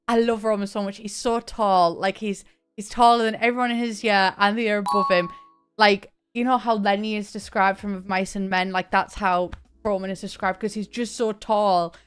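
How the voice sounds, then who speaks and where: A woman's voice: medium pitch, a bit bright. A young woman chatting casually on a live stream, thanking viewers by name and laughing often. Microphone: desk mic, camera on.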